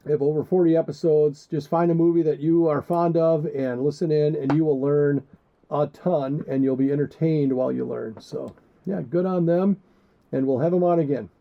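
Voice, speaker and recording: A male podcast co-host speaks at normal speed in a creaky voice that sits on the high side, with fairly even intonation. The muffled, lo-fi recording catches him rambling casually and joking crudely.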